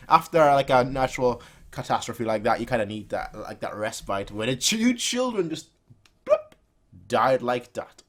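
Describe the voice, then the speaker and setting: A man hosting a casual manga reaction, reading aloud and narrating as he goes. His mid-pitched voice moves through a very lively range. He makes his own whooshes and rumbles as sound effects. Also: normal speed. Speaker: reaction channel host.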